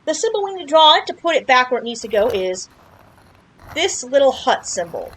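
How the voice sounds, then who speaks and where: A woman's voice: high voice, very animated, a little fast, fairly bright tone, husky, rough recording. A woman giving chatty, playful commentary while playing a video game, joking and exclaiming at surprises. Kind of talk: casual game playthrough commentary.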